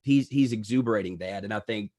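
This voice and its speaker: A man's voice: lowish voice, a little fast, mellow, dry recording. A man from the United States co-hosting a podcast, chatting in an earnest, rambling, digressive way. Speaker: podcast co-host, wrestling reviewer. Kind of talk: casual podcast review chat. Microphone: video call setup.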